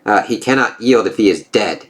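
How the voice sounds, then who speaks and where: A man's voice: lowish voice, lively intonation, moderate pace, close to an everyday voice. A man reading out the lines of an ancient male giant king of illusion from a comic, in a slightly raised, declaiming voice. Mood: mocking.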